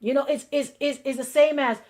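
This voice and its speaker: A woman pastor preaching a sermon in a lively, conversational way, acting out inner voices and laughing along. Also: high-pitched, fairly quick.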